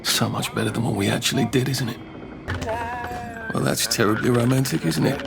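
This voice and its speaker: A man's voice: medium pitch, steady tone, brisk, gravelly, crowd noise. An actor playing a nervous, polite young Englishman in a video game, dry and muttering asides to himself, with an English accent. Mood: musing. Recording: noisy game audio.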